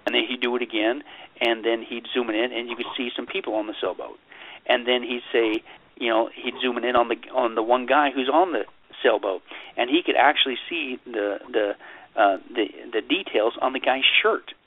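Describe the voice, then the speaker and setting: A man talking as a guest in a radio interview. He speaks in an animated way, repeats himself often, and mocks other views in sarcastic put-on quotes. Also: medium pitch, moderate pace. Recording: tinny phone line, dry.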